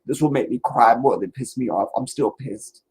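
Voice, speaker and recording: A man's voice: mid-range voice, normal speed, creaky, a little mellow, slightly rough, poor audio. A man giving an earnest, emotional commentary monologue, preaching at times. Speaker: online commentator.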